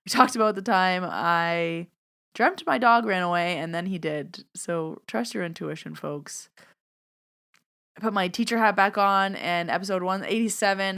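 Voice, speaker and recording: A woman's voice: mid-range voice, sharp tone, clean tone. A woman hosting her own podcast, chatting through a reflective, heartfelt year-end recap as a medium and teacher.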